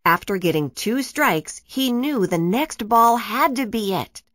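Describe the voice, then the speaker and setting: A woman reading a children's storybook aloud in an expressive storytelling way. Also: on the high side, a little slow, dry recording, clean studio sound. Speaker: narrator. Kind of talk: children's book read-aloud.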